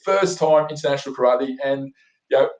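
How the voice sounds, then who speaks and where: A man's voice: mid-range voice, a little fast, highs cut off, over a noisy crowd. An Australian man telling his story as an interview guest, enthusiastic and rambling, full of fillers and restarts. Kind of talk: animated storytelling in conversation. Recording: roomy echo.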